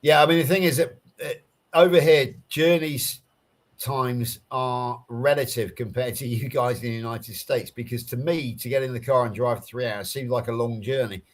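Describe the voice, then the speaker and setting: A man's voice: mid-range voice, steady tone, moderate pace. A man with an English West Country accent, chatting casually on a live stream, rambling along with lots of restarts and fillers. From England. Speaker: guest on a live crochet chat. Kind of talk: casual chat.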